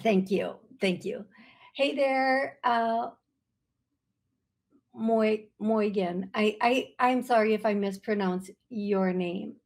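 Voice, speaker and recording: A woman's voice: medium pitch, takes it slowly. A woman hosting a call-in psychic radio show, talking in a searching, earnest, often apologetic way. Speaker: psychic medium radio host.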